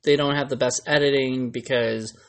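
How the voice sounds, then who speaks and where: A man's voice: medium pitch, steady tone, moderate pace. A man co-hosting a podcast, talking loosely about films with lots of fillers. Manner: chatty and loose, with many fillers. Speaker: podcast co-host. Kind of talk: casual chat about films.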